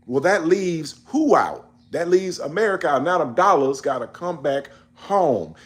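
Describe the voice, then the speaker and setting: A man in a casual monologue on world events, emphatic and preachy, scolding his listeners in slangy speech. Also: a little high. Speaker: commentator.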